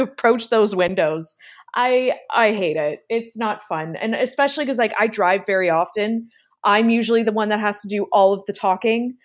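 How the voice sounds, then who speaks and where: Female podcast co-host, casual, hesitant, words stumble and restart. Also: on the high side. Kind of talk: casual chat.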